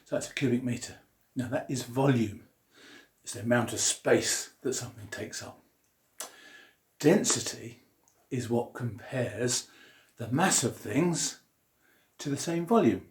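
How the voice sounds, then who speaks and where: In an unhurried, mid-range voice, a man teaches a jokey science lesson packed with puns, drawing diagrams as he explains. He's a science teacher, and the recording has a roomy echo.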